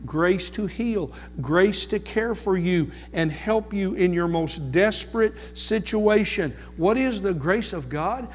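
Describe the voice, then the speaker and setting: A man preaching a sermon, slow and emphatic, repeating key words for weight. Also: high voice, expressive, slight background noise. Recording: long reverb with faint music.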